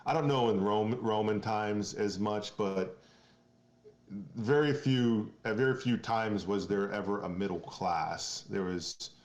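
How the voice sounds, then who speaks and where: Man from Maine, podcast guest, low voice, earnest, rambling, restarts a lot, roomy echo. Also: measured pace. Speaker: guest, company founder. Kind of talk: casual podcast interview.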